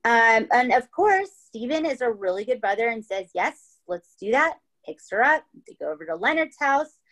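Fairly high and sing-song, her voice moves at a moderate pace with a fairly bright tone, though the audio is poor. As a podcast host, she recounts a true-crime tale in a relaxed, talkative way, swearing often and checking in with "right?" and "okay?".

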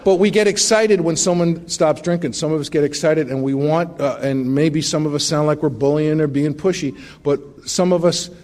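Middle-aged man, fairly high voice, wry self-mocking testimony speaker. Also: steady tone, moderate pace, hardly any pauses, darkish tone. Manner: wry, self-mocking storytelling with frequent restarts. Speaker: recovery meeting speaker. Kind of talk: personal recovery testimony.

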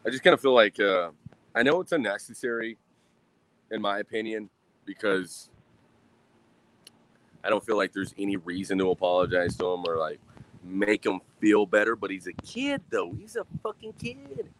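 A man's voice: lowish voice, expressive, moderate pace, long pauses, slight background noise. A man in his thirties talking to himself in a loose, rambling monologue, swearing often and sighing while he drinks beer. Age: 30s. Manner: rambling, swears a lot, sighs.

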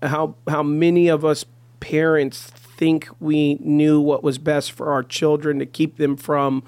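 Earnest pastor telling stories, dry sound. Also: male voice, fairly high pitch, level tone, measured pace, darkish tone, clean tone, no echo. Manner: earnest storytelling, heavy on "you know" fillers. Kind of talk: casual podcast conversation.

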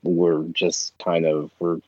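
A man's voice: low-pitched, little pitch movement, takes it slowly, dark tone, no echo, muffled recording. A man in a casual chat, rambling with many restarts and fillers, as a podcast co-host.

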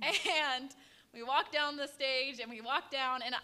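Young woman guest, bright voice, lively testimony, animated storytelling. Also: sits high, unhurried. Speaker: guest, pageant winner. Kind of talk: personal testimony.

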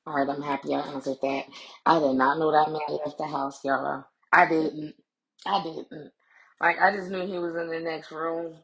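A woman in her thirties hosts a casual podcast from home, talking frankly and laughing often, with plenty of slang and cursing. Her voice is on the low side and gravelly. She sits a little back from the mic, so the room around her comes through with a roomy echo. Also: little pitch movement, moderate pace, distant mic. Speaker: podcast host. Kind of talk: casual chat.

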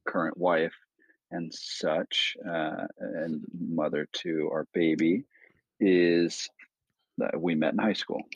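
A young man, a podcast guest and new father, talking in a measured, reflective way. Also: deep voice, steady tone, vocal fry, husky, no echo, low-quality recording. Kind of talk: casual conversation.

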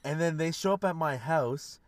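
A man's voice: fairly high pitch, moderate pace, no room sound, studio quality. A man from Canada co-hosting a podcast, telling stories in casual chat, swearing and laughing often. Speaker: podcast co-host.

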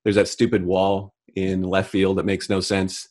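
A middle-aged man co-hosting a casual comedic chat, delivering deadpan mock rants. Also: low voice, unhurried. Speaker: podcast co-host.

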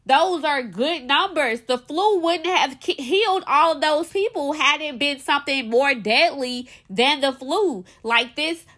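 A woman's voice: sits high, measured pace, hardly any pauses, fairly bright tone. A woman guest giving her opinion firmly, laying out figures one after another. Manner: assertive, lays out numbers. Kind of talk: opinionated commentary.

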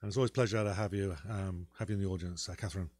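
A man's voice: low voice, steady tone, rapid-fire, a little mellow. A man co-hosting a casual podcast, talking in a rambling way with many fillers and restarts. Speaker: podcast co-host.

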